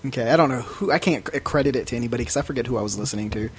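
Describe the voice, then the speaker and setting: A man's voice: medium pitch, very fast, breathy edge. A man co-hosting a podcast, telling crude stories in casual chat and laughing often. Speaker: podcast co-host.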